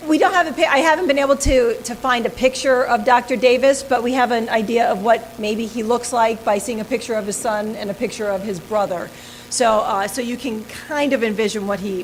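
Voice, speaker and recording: A woman's voice: on the high side, slight background noise, low-quality recording. Chatty woman giving a slide history talk. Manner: chatty, hesitant, with frequent ums and restarts. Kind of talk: informal history presentation with slides.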